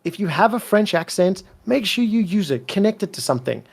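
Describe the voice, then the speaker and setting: A man from South Africa with a soft South African accent that leans British and American, telling his career story in an interview with blunt emphasis and plenty of swearing. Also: sits high, sing-song, brisk, gravelly, slightly rough. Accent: soft South African, mixed with British and American. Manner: emphatic, swears freely, repeats words when fired up. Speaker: esports commentator, interview guest.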